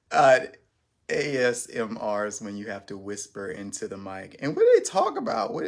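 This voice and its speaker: A man's voice: on the low side, wildly swooping pitch, moderate pace, vocal fry. A man hosting his first live stream, chatting casually in a rambling, self-conscious way with lots of restarts.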